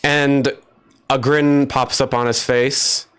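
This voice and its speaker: A man's voice: medium pitch, little pitch movement, takes it slowly, a bit bright, smooth. A man narrating as game master, casual and often laughing.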